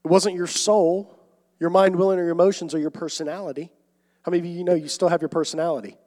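A young man preaching a sermon, swinging between loud emphatic calls and quiet asides. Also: high-pitched, fairly even intonation, fast talker. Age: young adult. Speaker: pastor. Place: church sanctuary. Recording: long hall reverb.

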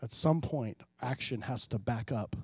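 A man pastor preaching a sermon, swinging between hushed, low passages and loud, emphatic rises, often calling out to the congregation. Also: a little slow, slightly rough, no echo, clean studio sound. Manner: preaching with sudden drops to quiet and loud rises, calls to the congregation.

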